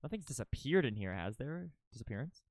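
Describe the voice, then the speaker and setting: A young man streaming a game live, narrating dramatically and swinging between loud panic and low, repetitive mutters. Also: sing-song, a little fast, no echo.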